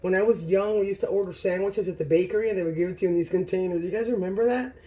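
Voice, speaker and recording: Excitable woman hosting a cooking vlog. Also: mid-range voice, rapid-fire. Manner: gushing, excitable, repeats exclamations. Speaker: cooking channel host.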